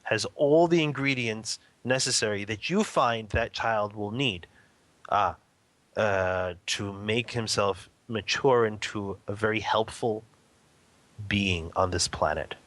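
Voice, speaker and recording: A man in his thirties, a guest in an interview, telling a family story in a casual, lively way, laughing often and acting out quotes. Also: lowish voice, slow pace, dry recording.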